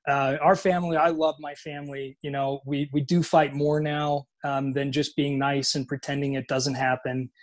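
A man's voice: mid-range voice, little pitch movement, normal speed, hardly any pauses. A man from Utah, a podcast guest telling personal stories in casual chat, acting out the voices of people he quotes, with frequent restarts and swearing.

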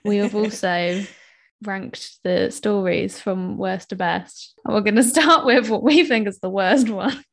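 A woman's voice: medium pitch, measured pace. Giggly woman in her late 20s. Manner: giggly, chatty, laughs often. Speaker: podcast co-host. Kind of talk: casual chat.

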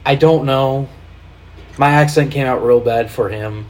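A man hosting a casual podcast chat, animated, swearing freely and laughing while he directs the video playback. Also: medium pitch, unhurried. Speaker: podcast host.

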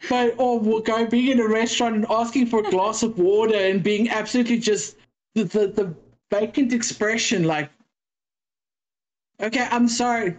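A woman's voice: on the high side, normal speed, darkish tone, low-quality recording. Chatty South African woman. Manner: chatty storyteller, acts out exchanges with quoted voices. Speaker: podcast guest. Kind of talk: casual interview chat.

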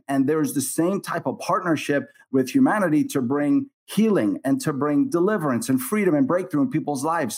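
A middle-aged man, a minister as interview guest, telling his story in an earnest, animated way and acting out the voices of people in it. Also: on the high side.

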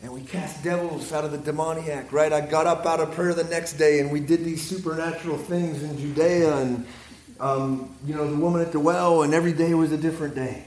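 Preaching as a guest to a leadership group, a man from the Pittsburgh area of Pennsylvania talks fairly quickly in a slightly high voice with a Pittsburgh accent. He's energetic, repeats himself, and checks in with "right?" and "amen?" The echoey room picks up audience responses.

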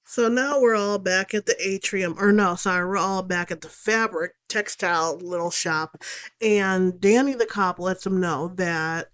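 A woman's voice: medium pitch, measured pace, a bit bright. Young woman host, casual film recap, profane and sarcastic delivery.

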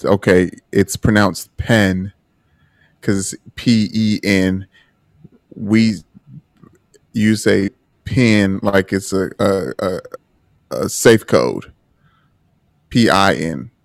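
Low-voiced man, halting casual chat. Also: vocal fry, dry recording, clean studio sound. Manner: earnest, halting, repeats himself and restarts. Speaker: podcast co-host.

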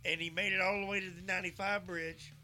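A man hosting a podcast, retelling a story in a profane, animated way and quoting himself often. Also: high voice, fast talker, a little hiss or hum. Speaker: podcast host. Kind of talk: casual storytelling chat.

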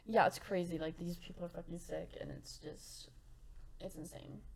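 A young woman co-hosting a casual true-crime podcast, reading quotes aloud with soft laughs and many fillers. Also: lowish voice, steady tone, normal speed, creaky. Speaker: podcast co-host.

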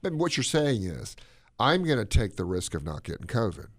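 A man co-hosting a podcast, talking his opinions in a casual, animated way. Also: on the low side, normal speed, dry recording, clean studio sound. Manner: animated, opinionated, drops into playful put-on accents. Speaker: podcast co-host.

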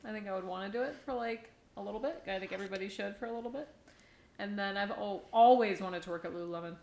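A woman's voice: mid-range voice, fast, gravelly, a little mellow. A young woman in casual chat, outspoken and swearing as she reacts. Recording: echoey room, faint noise.

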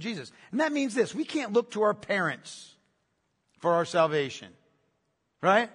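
A man's voice: high-pitched, a bit bright, slightly rough, in a large hall. A man preaching a sermon as pastor, emphatic, repeating key phrases and asking rhetorical questions.

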